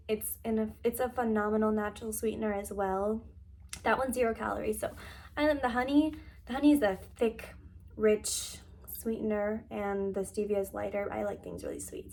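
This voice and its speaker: Young adult woman, casual vlog host, soft and relaxed, heartfelt delivery. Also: a little high. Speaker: lifestyle vlogger. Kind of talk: casual vlog talk to camera.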